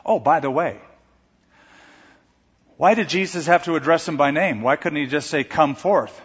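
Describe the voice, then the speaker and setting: A man preaching a sermon as pastor, animated, shouting out quoted lines. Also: fairly high pitch, fairly quick, husky. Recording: dull recording in a reverberant hall.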